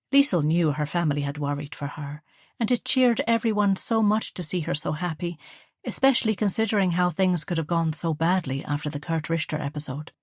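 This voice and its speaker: A woman reading a historical drama audiobook in measured scripted narration. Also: on the low side, no echo, studio quality.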